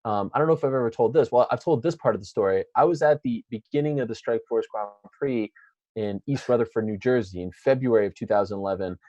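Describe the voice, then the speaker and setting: A man's voice: mid-range voice, quick pace, dry recording. An American man in an interview tells a long story with energy, acting out the voices of people in it. His voice sits in a middle register. The sound is dry and a bit dull. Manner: animated storyteller acting out quotes.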